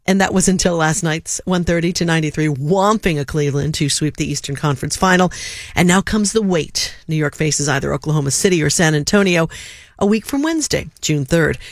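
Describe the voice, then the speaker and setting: A woman anchoring a radio news bulletin in a brisk, steady newsreader delivery. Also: fairly low pitch, dry recording. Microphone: studio microphone.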